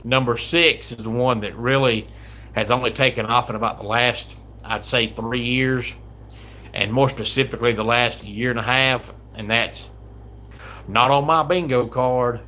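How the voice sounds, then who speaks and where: A man's voice: mid-range voice, fairly even intonation, normal speed, pushed and bright, slight background noise. A man with a Southern US accent, hosting a live stream, chatting casually and grumbling through a countdown while greeting viewers from the comments. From American South. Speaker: livestream host. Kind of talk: casual livestream countdown chat.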